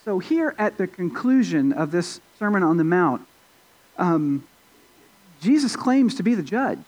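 Guy preaching a sermon, pretty high voice, chatty, lots of ums and restarts, gets louder to make a point. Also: very animated, measured pace, rough recording. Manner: conversational, with frequent fillers and restarts; rises in pitch and volume for emphasis. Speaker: pastor. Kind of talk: expository sermon.

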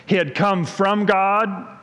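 A man with a fairly high voice leads a question-and-answer review of a Bible story, conversational and explaining as he goes. The sound carries a long reverb from a hall. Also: fairly even intonation, slow, a bit bright. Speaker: Bible teacher.

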